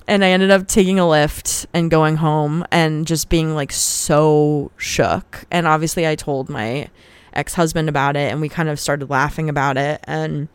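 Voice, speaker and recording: A woman's voice: low-pitched, fairly even intonation, a little slow, clean tone, no echo. A woman hosting a podcast who tells a personal story in a candid, casual way and swears freely. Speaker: podcast host.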